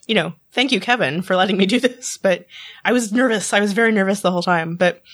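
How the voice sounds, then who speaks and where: A woman's voice: medium pitch, fast, fairly bright tone. A woman chatting casually on a podcast, laughing often and restarting her words. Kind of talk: casual chat.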